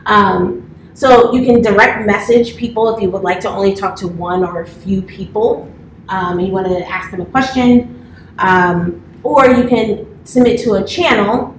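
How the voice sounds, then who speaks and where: A woman's voice: mid-range voice, a little slow. A woman in her thirties, a campus manager, giving a chatty orientation talk to a new class with lots of filler words. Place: office classroom. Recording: roomy, from far off, faint hiss.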